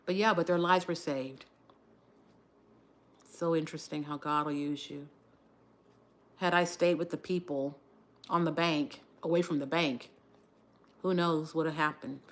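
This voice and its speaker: A woman chatting casually on her livestream, telling a story while doing her hair, with an animated, lively delivery. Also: a little slow, pauses often. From Texas area. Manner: animated storyteller, shifts to high voice when quoting shouts. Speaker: livestream host.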